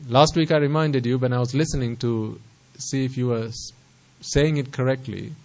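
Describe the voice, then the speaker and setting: A man's voice: mid-range voice, steady tone, normal speed, darkish tone, poor audio. A man giving a Buddhist sermon, asking the listeners rhetorical questions and repeating phrases to stress his points. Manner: stresses pronunciation carefully. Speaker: Buddhist teacher.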